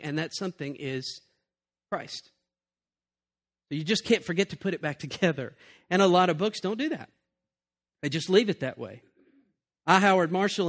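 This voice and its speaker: A man's voice: fairly high pitch, fairly bright tone. A man giving a sermon about preaching in an earnest, conversational way.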